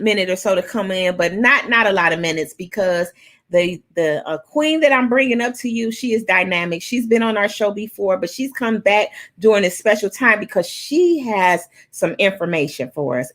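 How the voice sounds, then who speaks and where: A woman with a New York accent hosting her own talk show livestream, animated and playful as she calls out to viewers. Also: fairly low pitch.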